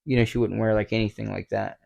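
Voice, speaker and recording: A man's voice: on the low side, little pitch movement, quick pace, vocal fry, darkish tone. A man in his twenties co-hosting a casual podcast chat, rambling and swearing often with lots of "like". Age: 20s. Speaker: podcast co-host.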